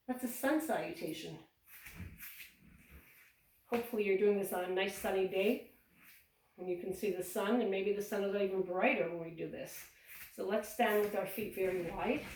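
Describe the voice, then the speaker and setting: A woman with a medium-pitched, darkish voice teaches yoga to small children, cheerfully calling out poses and encouraging them step by step. A camera mic captures her from across an echoey room.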